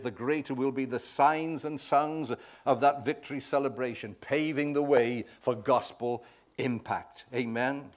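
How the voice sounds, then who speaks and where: A male preacher delivers an emphatic sermon at a middling pitch. He swells loud on key words and keeps checking in with his listeners with a quick "right?". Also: steady tone.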